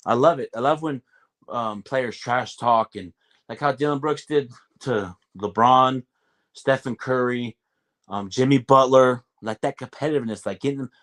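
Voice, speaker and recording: A young man ranting about basketball in a casual way, animated and fired up, acting out the players and referees as he goes. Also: mid-range voice, normal speed. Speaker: basketball commentator. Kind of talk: casual sports rant.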